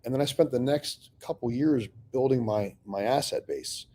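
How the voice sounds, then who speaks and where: A man's voice: mid-range voice, normal speed, warm tone, a little hiss or hum. A middle-aged man telling his own business story in a casual, profane way, acting out both sides of past conversations. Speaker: real estate investor telling his story.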